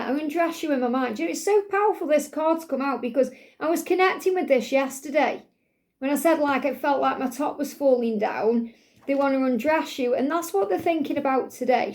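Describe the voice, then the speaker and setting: A woman giving a spiritual tarot and oracle card reading, in a gentle, repetitive, soothing way. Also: sits high.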